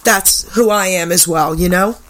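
An older woman hosting a radio talk show, telling a story with lively acted-out quotes. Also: on the low side, normal speed. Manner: animated, acts out quoted voices. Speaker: radio host. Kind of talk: storytelling chat. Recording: radio broadcast.

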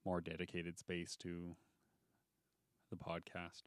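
Deep gravelly dude rambling and joking on a podcast, dry sound. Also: male voice, monotone, takes it slowly, dry recording. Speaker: podcast co-host. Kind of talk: casual chat.

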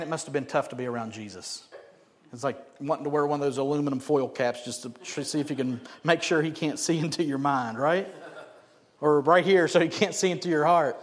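A man preaching a sermon as pastor, animated and often asking the congregation questions. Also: on the high side. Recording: echoey hall.

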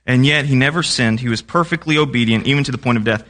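A man's voice: medium pitch, fast talker, a bit bright. A young man preaching a sermon in a conversational way, often asking the congregation questions.

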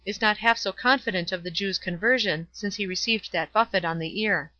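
A woman's voice: medium pitch, a little fast, bright, forceful tone, dry recording, dull audio, natural voice. A woman reading the part of an outlaw yeoman who mocks dryly. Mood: mocking. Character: sardonic outlaw yeoman, man.

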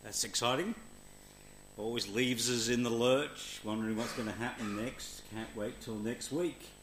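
A man's voice: mid-range voice, fairly even intonation, normal speed. A man hosting a church program, light and joking. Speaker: host. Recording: echoey room with noise.

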